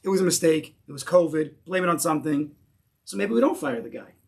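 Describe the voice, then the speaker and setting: A man's voice: on the high side, quick pace, gravelly. A man teaching a Torah class in English mixed with Hebrew terms, emphatic and repeating key phrases as he builds to a point.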